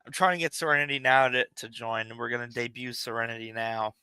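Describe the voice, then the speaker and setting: A man's voice: mid-range voice, fairly even intonation, a little fast, sharp tone, smooth, dry recording, low-quality recording. A man streaming a game and chatting casually, rambling and swearing in a laid-back way on a cheap home mic. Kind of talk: casual stream chat while gaming. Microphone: cheap home microphone.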